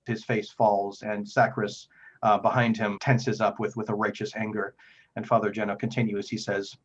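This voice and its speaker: A man's voice: fairly low pitch, level tone, moderate pace, husky. A man narrating a tabletop game as game master, describing scenes at length with frequent fillers, in a slightly muffled recording.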